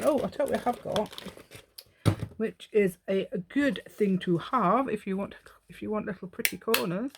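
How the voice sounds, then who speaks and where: A woman's voice: medium pitch, normal speed, gravelly, noisy background. A woman giving a chatty craft demonstration at home, rambling and talking to herself while she works.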